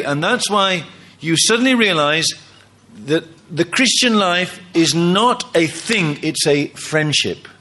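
Animated male preacher, lively pitch. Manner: animated, emphatic preaching with quoted dialogue. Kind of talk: sermon.

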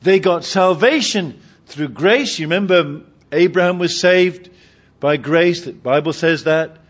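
A man preaching a sermon, climbing to loud emphatic peaks and dropping to quiet, low asides. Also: measured pace. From Britain. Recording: dull lo-fi sermon recording.

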